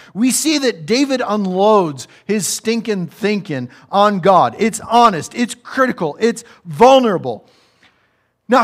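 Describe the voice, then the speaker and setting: A man's voice: sits high, a bit bright. Conversational man preaching a sermon. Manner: conversational and humorous, builds to raised emphatic delivery.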